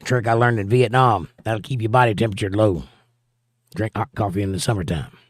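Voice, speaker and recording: A man's voice: fairly low pitch, fairly even intonation, fairly quick, no room sound. Man casually reading out live chat. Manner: reads chat messages aloud and answers with dry jokes. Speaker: livestream host reading viewer chat.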